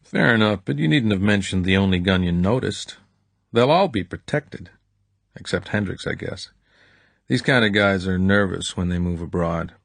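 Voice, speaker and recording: A man's voice: sits low, animated, normal speed, vocal fry, no room sound, exaggerated voice. A man voicing a touchy, menacing male hitman with a curt, threatening manner. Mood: brusque.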